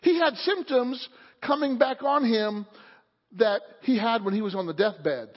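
A man with a very high, husky voice preaches with fervor, often calling out for an amen. His sermon rings with the long echo of a church hall. The audio sounds dull and lo-fi. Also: a little slow. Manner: fervent preaching, calls for amen. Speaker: pastor. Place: church sanctuary.

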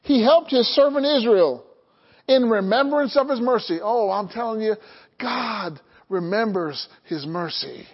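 Very high-voiced preaching man. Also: lively intonation, a little slow, slightly rough, lo-fi sound. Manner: call-and-response preaching, asks the congregation to answer. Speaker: pastor. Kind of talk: sermon.

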